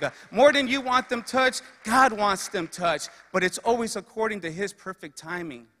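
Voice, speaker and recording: Male preacher, earnest and repetitive, forceful bright tone, long hall reverb. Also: high voice. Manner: earnest storytelling with repeated phrases. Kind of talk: sermon.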